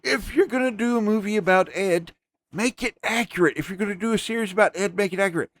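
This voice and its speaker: A podcast host with a high-pitched voice talks quickly and emphatically in a casual rant. He swears freely and calls his listeners "folks."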